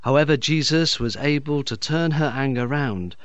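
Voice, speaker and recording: A man, a bishop, giving a calm, explanatory reflection on a Gospel reading. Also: medium pitch, normal speed, no room sound. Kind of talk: sermon reflection. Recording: dull, dry, lo-fi recording.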